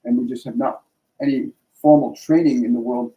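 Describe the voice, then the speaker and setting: A man's voice: mid-range voice, steady tone, moderate pace, dull audio. A middle-aged man hosting a live spiritual stream, speaking earnestly with restarts and tag questions. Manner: earnest, rambling, frequent restarts and "right?" tags. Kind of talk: casual spiritual talk.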